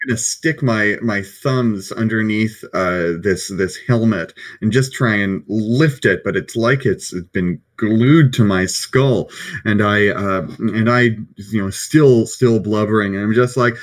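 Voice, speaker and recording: Player guy talking slow, lots of stops and restarts. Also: on the low side. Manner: halting, laughing, slow speech. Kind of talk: playing a tabletop game.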